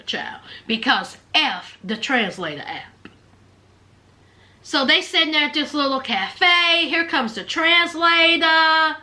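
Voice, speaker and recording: A Southern woman hosting a casual reality TV recap, her voice very high and swinging widely in pitch. She tells the story with sass, teasing and throwing playful shade. Her tone is bright and sharp. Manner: sassy, animated storytelling with playful trash talk.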